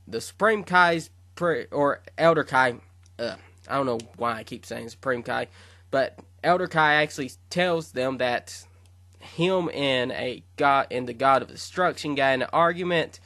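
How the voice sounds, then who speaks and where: A man rambles through a fan story he wrote, stopping to correct himself and fill the gaps with um and uh. His voice is bright and forward. The sound is dry, with no room around it. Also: medium pitch, unhurried, dry recording. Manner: rambling, with fillers and self-corrections. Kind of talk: casual retelling of a fan fiction story.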